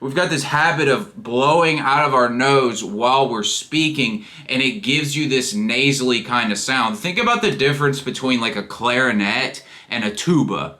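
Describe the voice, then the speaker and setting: A man's voice: mid-range voice, normal speed, few pauses, pushed and bright. A young man giving a casual voice-training lesson to camera, chatty and emphatic, peppering his talk with "like". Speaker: voice coaching vlogger. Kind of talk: casual instructional vlog.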